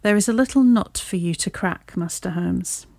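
A woman's voice: mid-range voice, moderate pace, mellow, no echo. Woman voicing a stubborn, indignant male inspector in a storybook reading, dry close sound. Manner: gruff, indignant. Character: blunt, proud male police inspector, stubborn.

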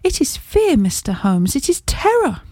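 A frightened young Victorian woman speaks in a high, trembling voice, as a woman reading the story puts her on. Her fear is plain in every word. The sound is dry and close. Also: sing-song, normal speed, darkish tone, no room sound. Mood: terrified. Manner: trembling, fearful.

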